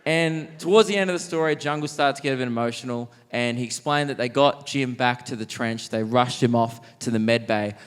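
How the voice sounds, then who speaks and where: Animated Australian stand-up comedian. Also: male voice, medium pitch, a little fast, hardly any pauses, slight background noise. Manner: animated, self-mocking, jumps into quoted voices. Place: large theatre stage.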